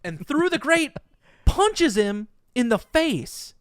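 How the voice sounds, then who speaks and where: A man's voice: very high-pitched, sing-song, slow, no room sound, studio quality. A man co-hosting a casual comedic podcast, telling stories with animation and stammering restarts. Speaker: podcast co-host.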